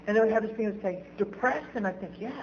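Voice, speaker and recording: A woman's voice: medium pitch, fairly even intonation, racing, darkish tone, lo-fi sound, a little hiss or hum. Candid woman telling recovery story. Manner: candid, self-mocking, laughs at own stories. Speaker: recovery meeting speaker. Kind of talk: personal storytelling talk.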